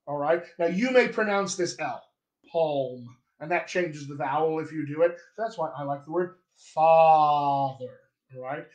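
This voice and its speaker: A man teaching accents as a dialect coach in a live stream, talking to viewers and demonstrating vowels slowly. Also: on the high side, roomy sound, muffled recording. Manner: slow, demonstrative, drawn-out vowel examples; chatty, addresses viewers directly. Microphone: webcam or phone on a live stream.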